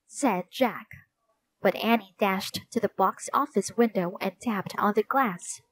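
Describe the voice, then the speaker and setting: A woman narrating a children's storybook in a clear, expressive read-aloud manner. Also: medium pitch, unhurried. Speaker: audiobook narrator.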